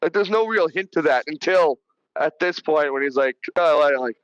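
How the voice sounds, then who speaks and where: Podcast dude rambling about a movie, swears a ton, kinda high voice, dry sound. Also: male voice, normal speed, smooth, no room sound, highs cut off. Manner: rambling, swears a lot, many restarts. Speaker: podcast host. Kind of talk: casual movie review chat.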